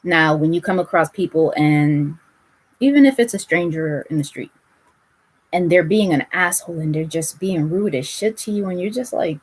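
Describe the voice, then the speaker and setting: A woman's voice: deep voice, lively intonation, normal speed, slightly rough. A woman giving a casual spiritual reading to her viewers, blunt and direct, swearing freely as she hands out advice. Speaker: tarot reader.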